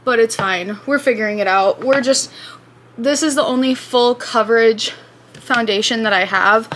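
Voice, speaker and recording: A beauty vlogger in her twenties chats casually while doing her makeup indoors in her apartment, a get-ready-with-me style video. Her voice is a little high and fairly bright, at a normal pace, and she rambles and restarts her sentences over slight background noise.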